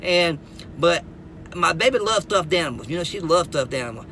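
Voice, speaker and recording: At a normal speed, a middle-aged man with a bright, high voice relates a funny personal story, using Southern US phrasing. His pitch leaps about animatedly as he repeats words and chuckles at his own jokes, with faint hiss under the recording.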